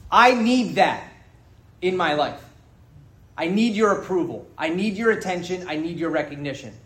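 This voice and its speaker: This man's voice leans high, with lively intonation and a moderate pace. He is giving candid testimony at a recovery meeting, joking openly and cursing freely as he addresses the audience in the room. A roomy hall echo surrounds the recording.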